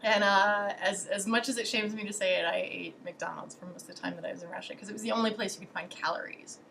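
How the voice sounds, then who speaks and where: A woman's voice: medium pitch, fairly even intonation, fast, vocal fry, sharp tone, a little hiss or hum. A young adult woman vlogger telling stories in a casual way, sarcastic and profane, with lots of fillers. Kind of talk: casual storytelling.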